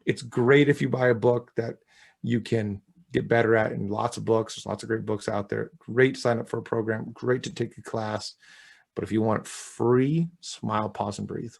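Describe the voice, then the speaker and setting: Male speaking coach as guest, gravelly husky voice, punchy and emphatic. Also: fairly low pitch, steady tone, moderate pace. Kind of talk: interview chat.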